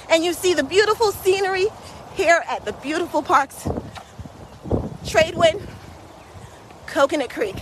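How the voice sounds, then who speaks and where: A woman pacing listeners on a brisk outdoor walk in a park, slightly breathy from walking, with encouraging, repetitive coaching cues. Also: very high voice, slight background noise, low-quality recording. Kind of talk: motivational workout vlog while walking.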